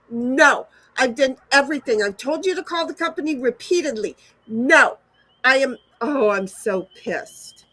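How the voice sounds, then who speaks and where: A woman's voice: sits high, a bit bright, dry recording, rough recording. A woman vlogger angrily venting to her viewers, swearing and repeating herself as she rants. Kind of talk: angry venting to camera.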